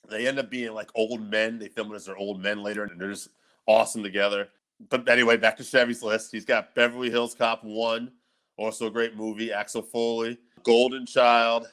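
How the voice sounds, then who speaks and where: A man co-hosts a podcast in a voice on the low side and a bit bright, rambling casually through movie memories, laughing often and swearing freely.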